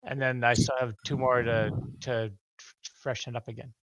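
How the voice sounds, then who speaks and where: A man playing in a tabletop game, making quick, offhand suggestions to the group. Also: mid-range voice, little pitch movement, a bit bright, no echo. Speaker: player. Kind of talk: casual play talk. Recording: dull, dry lo-fi mic.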